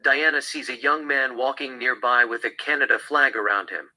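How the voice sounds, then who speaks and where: A man reading a screenplay aloud, narrating stage directions in a flat, even delivery. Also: medium pitch, moderate pace, poor audio. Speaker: script reader.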